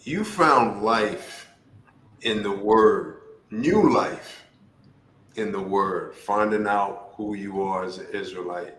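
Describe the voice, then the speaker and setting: A man's voice: fairly low pitch, slow pace, fairly bright tone, slight background noise. A man co-hosting a casual discussion, thoughtful and restarting his sentences as he works through his points. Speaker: podcast co-host. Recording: echoey room.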